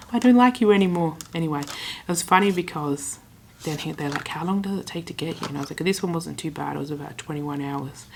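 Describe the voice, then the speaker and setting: Chatty low-voiced Australian woman vlogging. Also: creaky, a little hiss or hum. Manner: chatty, retells conversations with quick asides. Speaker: travel vlogger. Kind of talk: casual vlog storytelling.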